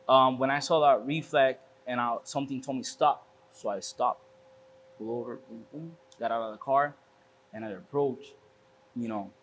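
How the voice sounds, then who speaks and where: A man's voice: mid-range voice, a bit bright, a little hiss or hum. A man guest on an interview show, telling a personal story casually, stumbling and restarting and often calling the host bro. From Miami. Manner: repeats words, restarts often, says "bro". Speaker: podcast guest, shop owner.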